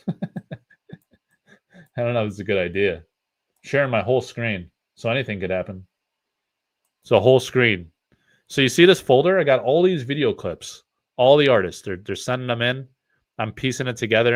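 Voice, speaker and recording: Hosting a card-opening stream, this upstate New York man rambles through casual livestream chat full of fillers. His medium-pitched voice is expressive and fairly quick, broken up by long pauses.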